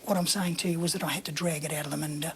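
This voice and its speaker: Australian male guest, breathy half-whisper, lively yarn-spinner acting out dialogue, faint room noise. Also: on the high side, very fast. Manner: animated anecdotal, acts out dialogue. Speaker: interview guest. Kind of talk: casual storytelling.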